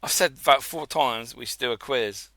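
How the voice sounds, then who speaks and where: A man's voice: medium pitch, normal speed, gravelly, bright, forceful tone, no room sound. A man co-hosting a podcast in blunt, sweary, teasing casual banter. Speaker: podcast co-host.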